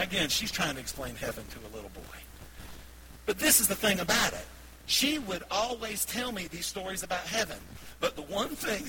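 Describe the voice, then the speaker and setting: A man's voice: fairly high pitch, background noise. A male pastor preaching a sermon, telling folksy personal stories and laughing easily at them. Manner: folksy storytelling, laughing warmly at his own stories. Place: church sanctuary.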